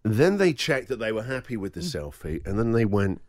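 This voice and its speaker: A man's voice: on the low side, normal speed, no room sound, studio quality. A man hosting a radio breakfast show, telling a story in casual chat and acting out the people in it. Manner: animated, laughing storyteller acting out quotes.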